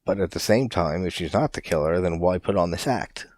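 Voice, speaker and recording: A low-voiced young man hosts a podcast and reviews a movie in a casual, rambling monologue. He leans on "like" constantly and swears freely. The sound is dry and close, with no room around it. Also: a little fast, darkish tone, dry recording. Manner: loose, rambling, heavy use of "like", casual swearing. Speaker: podcast host.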